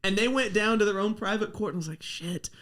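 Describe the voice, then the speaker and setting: Man, fairly high voice, casual podcast host, rambling storyteller, lots of fillers. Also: fast talker, fairly bright tone.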